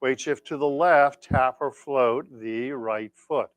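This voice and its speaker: A man teaching tai chi, calmly calling out each move and counting the steps for his class. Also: medium pitch, no room sound. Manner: calm, counting out moves slowly. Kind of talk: leading an exercise class. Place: exercise class room.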